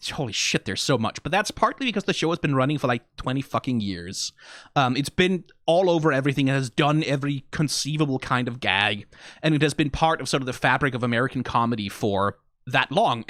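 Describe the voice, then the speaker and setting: A man's voice: medium pitch, fairly bright tone, no echo, studio quality. A young man talking in casual commentary as a video reviewer, rambling, with lots of restarts and fillers.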